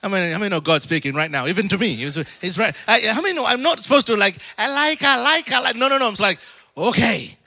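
A man with a high, bright voice preaches with lots of energy and calls out to his congregation for amens. He slips into quick put-on voices and laughs along the way. The sound is dry and close. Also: animated, no room sound. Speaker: pastor. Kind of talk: sermon.

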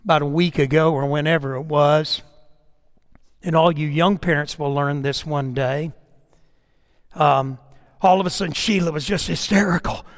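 A middle-aged man preaching a sermon in an animated way, calling on listeners by name and often repeating himself. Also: fairly high pitch, moderate pace, long pauses. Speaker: pastor.

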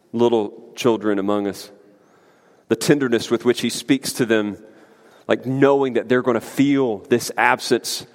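A man preaching a sermon as pastor, emphatic and conversational, with lively asides to the congregation. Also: medium pitch. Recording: long hall reverb.

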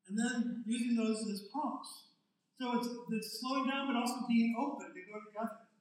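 A man's voice: very high-pitched, moderate pace. An older man, a pastor, giving a conversational, joking sermon and drawing his congregation in. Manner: joking, chatty, draws in the congregation. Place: church sanctuary. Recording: very echoey hall, mic at a distance.

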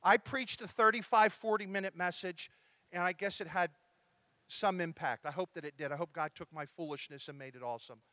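High, bright-voiced male pastor. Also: brisk, no room sound. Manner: lively, conversational preaching with asides to the congregation. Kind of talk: sermon.

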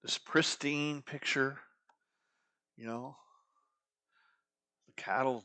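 A man's voice: medium pitch, fairly even intonation, unhurried, fairly bright tone. A middle-aged man preaching a sermon as a pastor, talking conversationally and asking the congregation rhetorical questions.

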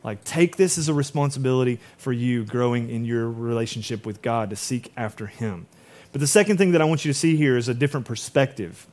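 A man's voice: mid-range voice, darkish tone. A middle-aged man preaching a sermon as a pastor, conversational and acting out quoted voices.

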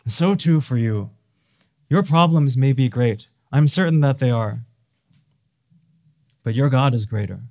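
A man's voice: mid-range voice, lively intonation, measured pace, long pauses, a little mellow. A man preaching a sermon in an earnest way, now and then rising to fervent emphasis.

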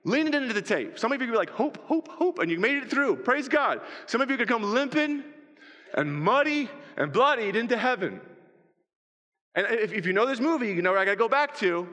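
A man preaches in a hall with a long, ringing reverb. His voice sits high and bright, and he tells his story with animated energy, acting out the scenes and pleading loudly. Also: a little fast. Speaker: pastor. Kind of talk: sermon.

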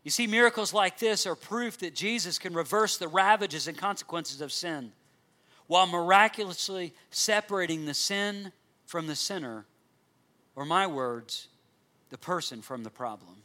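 A pastor with a high-pitched, sharp, expressive voice preaches earnestly at normal speed. He reads scripture aloud and explains it to his congregation.

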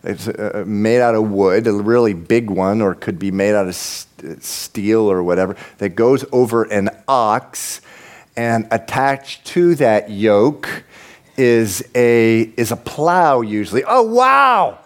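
A man preaching a sermon as pastor, conversational and animated, rising into emphatic peaks. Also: lowish voice, slow pace.

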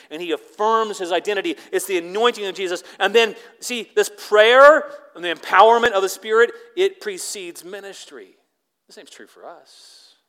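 A man preaching a sermon, earnest, moving between forceful emphasis and hushed, reverent lines. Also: mid-range voice, clean tone. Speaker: pastor.

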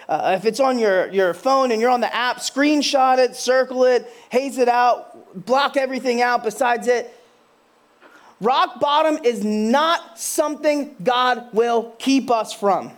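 A man in his thirties preaching a sermon as a pastor, building from quiet storytelling to impassioned, near-shouted questions. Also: very high voice, measured pace.

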